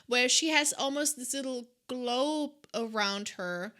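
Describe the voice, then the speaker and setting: A woman's voice: fairly high pitch, takes it slowly, bright, forceful tone. A woman co-hosting a podcast, chatting casually and rambling through a long game recap. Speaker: podcast co-host. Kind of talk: casual chat about a video game.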